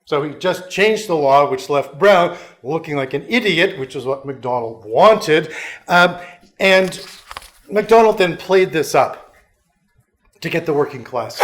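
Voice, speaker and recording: Middle-aged male professor, lecturing casually with dry jokes; voice sits a bit high. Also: lively intonation, unhurried. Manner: conversational, wry and self-mocking asides. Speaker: history professor, guest lecturer. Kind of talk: lecture to a union school.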